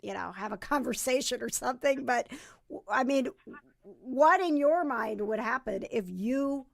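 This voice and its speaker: Woman, show host, high pitch, gravelly, playful casual chat. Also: animated, normal speed. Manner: giggly, playful.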